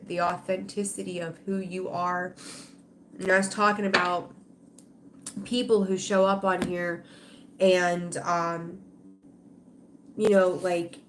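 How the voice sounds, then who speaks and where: On a tarot livestream, a middle-aged woman speaks in a voice on the low side, chatting casually with her viewers. She rambles emotionally, using lots of fillers and starting over often, and there's slight background noise.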